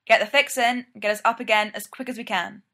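A woman's voice: fairly high pitch, fairly even intonation, quick pace, sharp tone. A woman voicing a terse, commanding young male tech founder in a clipped, blunt way. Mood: curt.

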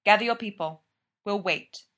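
A woman's voice: mid-range voice, normal speed, a bit bright, natural voice. A woman voicing a stern female leader of an isolated farming community, speaking in curt, formal commands.

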